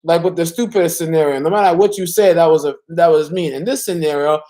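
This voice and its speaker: Guest, mid pitch, rambling, restarts, casual talk. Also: fast talker, dark tone. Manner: rambling, many restarts and fillers. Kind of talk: casual interview chat.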